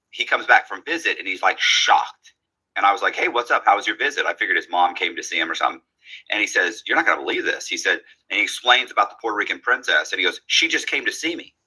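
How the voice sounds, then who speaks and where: Guy telling a story, husky and kinda low, does the voices of people in it. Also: rough recording. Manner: animated, acts out quoted dialogue. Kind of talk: casual storytelling.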